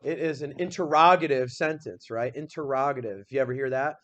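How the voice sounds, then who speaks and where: Recorded with lo-fi sound, a mid-range male voice leads a lively grammar lesson. The teacher peppers the class with questions and slowly reads out sample sentences.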